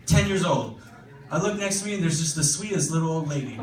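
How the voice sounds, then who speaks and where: Young guy doing stand-up, kinda high voice, loose and sweary, echoey room, sounds a bit far off. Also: lively intonation, fast. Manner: casual, profane, self-deprecating, hesitant with fillers. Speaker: stand-up comedian. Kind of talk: stand-up comedy set. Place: comedy club stage with audience laughter.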